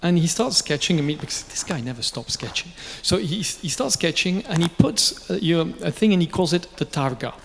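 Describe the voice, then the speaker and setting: A man with a somewhat high voice tells lively stories, joking and tossing in asides. It is a press conference, and his voice rings out in a large reverberant space. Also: brisk, vocal fry, few pauses, slight background noise. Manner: lively, jokey, with asides and laughs. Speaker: watch brand founder speaking at a press conference. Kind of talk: anecdotal storytelling. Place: event venue.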